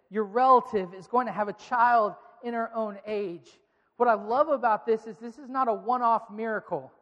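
A man preaching a sermon to a live congregation, playfully coaxing them to clap and repeat phrases back. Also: very high voice. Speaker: pastor. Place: large church auditorium with a live congregation. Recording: long reverb of a large hall.

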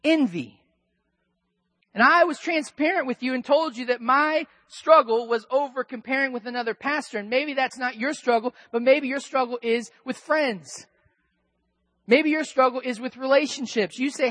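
A male pastor delivering a sermon in a loose, conversational way. He drops to quiet asides, then rises to loud, emphatic bursts. The sound is dry and close, with no room echo. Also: extremely high pitch, normal speed.

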